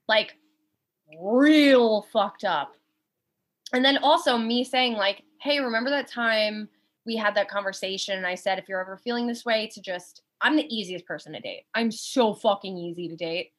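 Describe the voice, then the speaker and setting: A woman's voice: a little high, normal speed, a bit bright. A young woman in casual conversation, speaking candidly, swearing often and acting out quoted exchanges. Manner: candid, frequent swearing, acts out quoted dialogue. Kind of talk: casual chat.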